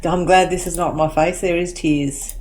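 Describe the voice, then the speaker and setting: A woman's voice: lowish voice, steady tone, moderate pace, a little mellow, slight background noise. A woman filming a crafting unboxing vlog, gushing and tearful with lots of oohs and wows. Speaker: crafting vlogger.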